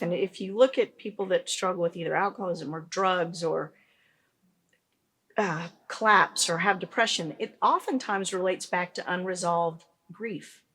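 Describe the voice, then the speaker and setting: The founder of a pet business, a woman, tells stories earnestly during a conversational interview and often restarts her sentences. Her voice is lowish with a fairly bright tone.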